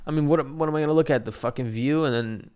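A man's voice: on the high side, fast, a little mellow, smooth. A young man telling a story in a rambling, profane and slangy way. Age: young adult. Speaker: vlogger. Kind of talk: casual storytelling.

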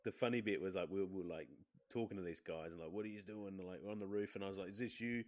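A man chatting casually on a podcast, telling animated stories and acting out quotes in high voices. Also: fast talker. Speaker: podcast co-host. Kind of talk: casual gaming chat.

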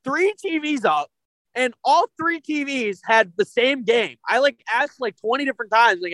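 A young man ranting and swearing in casual podcast chat, excitable and blunt. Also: very high-pitched, moderate pace, dry recording. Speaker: podcast co-host.

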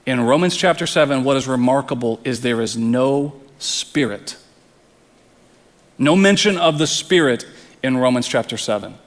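A man's voice: fairly high pitch, fairly bright tone, long reverb tail. A man preaching a sermon as pastor, earnest, often repeating words as he presses a point.

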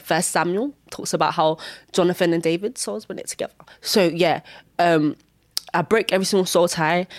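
A young woman talks through her testimony in a lowish voice, circling back and repeating phrases. Now and then she jumps into high, worked-up exclamations. The recording is close and dry, with no room around her. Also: no echo. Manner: candid, repetitive, bursts into high exclamations. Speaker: Christian vlogger sharing testimony. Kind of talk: personal testimony monologue.

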